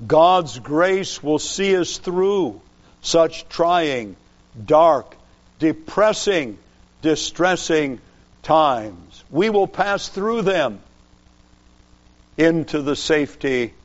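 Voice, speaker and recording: A man preaching a sermon in a slow, deliberate way, pausing to stress single words. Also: a little high, expressive, dull audio.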